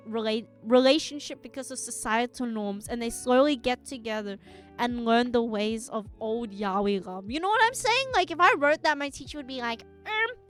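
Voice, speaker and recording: A woman's voice: fairly high pitch, a bit bright. A young woman streaming live, chatting casually to her viewers in a rambling way and giggling often.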